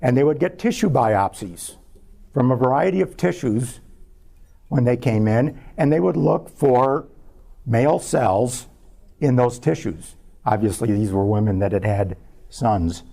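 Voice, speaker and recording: A man, a scientist, giving a public talk as a measured personal story about his research. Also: medium pitch, creaky, mellow. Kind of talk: lecture told as a personal story.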